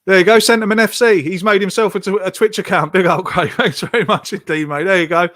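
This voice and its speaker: The host of a podcast's live match watch-along talks fast in a high, slightly bright voice. Frustrated by the football, he vents and reads viewer comments aloud.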